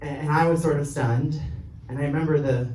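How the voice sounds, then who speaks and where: A man's voice: on the high side, fairly even intonation, fairly quick, darkish tone, a little hiss or hum. A young man doing a stand-up set, rambling with fillers and chuckling at his own jokes. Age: young adult. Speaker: stand-up comedian. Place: comedy club stage. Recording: roomy live-show sound, mic off at a distance. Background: audience laughing.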